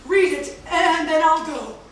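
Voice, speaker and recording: A woman's voice: high-pitched, measured pace. An actress on stage playing a pestering woman petitioner who insists she is frail, with a whiny, melodramatic manner. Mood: accusing. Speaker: stage actor. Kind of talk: live stage comedy acting. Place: small theater stage. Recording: echoey theater from far off, noisy.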